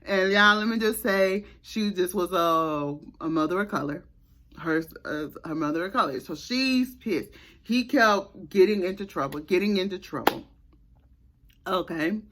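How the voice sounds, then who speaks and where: A woman's voice: lowish voice, animated, measured pace, fairly bright tone. A woman vlogger telling a personal story in a casual, chatty way, full of restarts and asides to her viewers.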